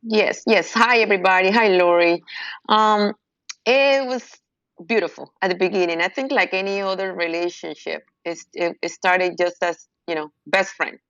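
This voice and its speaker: A woman guest on an interview show, answering in a hesitant way with many pauses. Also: mid-range voice, fairly bright tone, no echo, highs cut off. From United States. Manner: hesitant, many fillers and restarts.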